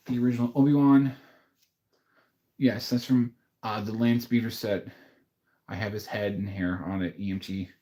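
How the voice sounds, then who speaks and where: A man's voice: fairly low pitch, darkish tone, echoey room. A man hosting a casual livestream, chatting in a rambling, friendly way with fillers and restarts. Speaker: YouTube livestream host.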